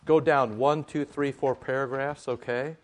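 A man's voice: mid-range voice, steady tone, unhurried. A man teaching a sermon-style class, talking conversationally and building to emphatic rhetorical questions.

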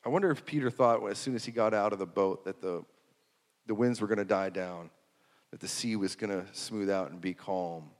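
A man preaching a sermon, swinging from hushed to loud and repeating phrases for emphasis. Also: on the low side, moderate pace. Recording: long hall reverb.

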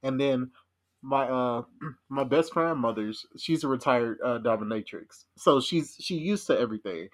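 A man's voice: mid-range voice, expressive, moderate pace. A young man in casual podcast chat, sharing anecdotes in an easygoing way. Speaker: podcast co-host.

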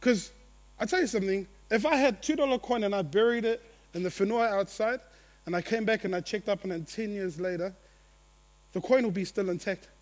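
Preacher: a man with a high voice, animated, playful sermon delivery that swings between loud and soft. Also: fairly quick. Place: church gathering.

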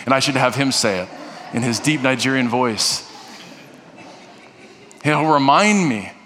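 A man's voice: medium pitch, animated, unhurried, fairly bright tone, a little hiss or hum. A male pastor preaching a sermon in an earnest way, often restarting and repeating phrases. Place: church sanctuary. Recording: long reverb of a large hall.

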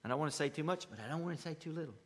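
A male pastor preaching a sermon, emphatic and animated, swinging from loud rising bursts to quiet asides. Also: on the high side, rapid-fire, breathy edge. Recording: long hall reverb.

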